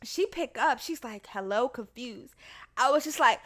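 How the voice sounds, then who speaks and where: A woman podcast host telling a story in casual chat, animated and laughing, acting out the people in it. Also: high-pitched, a little slow, heavy background noise.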